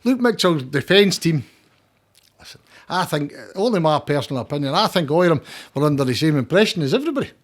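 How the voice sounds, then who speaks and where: A Scottish man talks in a fairly high voice as a podcast guest. His story rambles, with stumbles, repeated words and freely dropped swearing, all in a loose, casual way. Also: very animated, fast talker.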